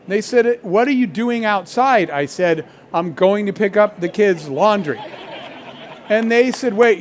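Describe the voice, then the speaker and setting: A middle-aged man, a company founder, telling an animated leadership anecdote with quoted dialogue to an audience. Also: high voice. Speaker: founder and CEO giving a masterclass. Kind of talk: storytelling keynote talk.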